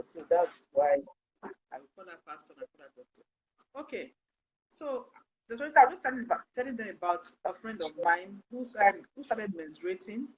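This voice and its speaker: A woman hosting a Christian health talk show, speaking in a lively, sermon-like way with loud bursts for emphasis. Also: mid-range voice, highs cut off. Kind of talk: live online talk show, preachy storytelling.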